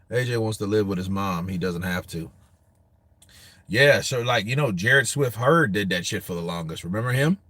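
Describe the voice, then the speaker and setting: An American man hosts a casual boxing show, reading viewer comments, cursing often, laughing easily and talking straight to the chat in a loose, crude way. His voice is on the low side and fairly bright, with lively intonation, normal speed and no echo.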